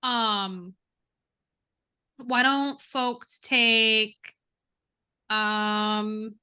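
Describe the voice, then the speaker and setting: A woman coordinating a training session over a video call in a relaxed, informal, friendly way. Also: on the high side, very slow, clean tone. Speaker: session organizer. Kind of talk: casual meeting coordination.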